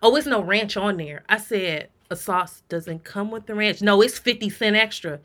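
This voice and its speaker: A young woman co-hosting a podcast, ranting in blunt, profane, animated storytelling during casual chat. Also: medium pitch, moderate pace, few pauses. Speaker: podcast co-host.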